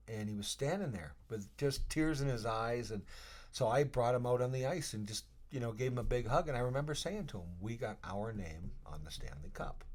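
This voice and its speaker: A man in his fifties, a former hockey player, telling long stories as a podcast guest, animated and often restarting his sentences. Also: lowish voice. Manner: animated storyteller, trails off and restarts, voice drops when reflective. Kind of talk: casual storytelling interview.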